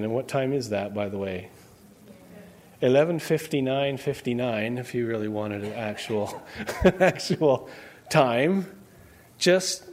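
A man's voice: mid-range voice, a little mellow. A man preaching a sermon in a conversational way, quizzing his congregation with questions as he goes. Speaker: pastor.

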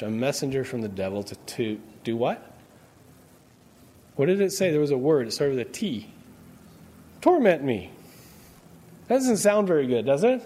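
A man's voice: fairly high pitch, darkish tone. A man preaching a sermon in a conversational way, quizzing his congregation with questions as he goes. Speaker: pastor.

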